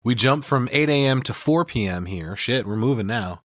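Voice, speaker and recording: A man's voice: medium pitch, expressive, moderate pace, no echo, studio quality. A man hosting a podcast, casually and profanely breaking down a film scene by scene. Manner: profane, retells scenes with mimicked lines. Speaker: podcast host.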